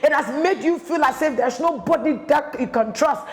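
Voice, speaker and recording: A woman's voice: high voice, normal speed, a little mellow. A woman pastor with a Ghanaian accent preaching a sermon on letting go of pain, earnestly pleading and repeating her points. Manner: earnest, repetitive pleading exhortation. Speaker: pastor and marriage counsellor.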